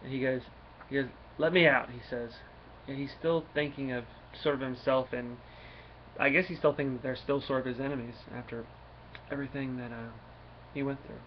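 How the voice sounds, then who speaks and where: A man's voice: mid-range voice, steady tone, fairly quick. A man giving a casual, rambling spoken comic book review with many fillers. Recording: dull lo-fi recording, faint noise.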